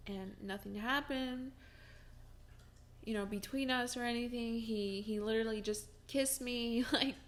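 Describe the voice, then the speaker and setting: A woman's voice: fairly high pitch, a bit bright. A young woman vlogging from home, telling a personal story in a casual, chatty way with many fillers and restarts, and breaking into laughs as she talks.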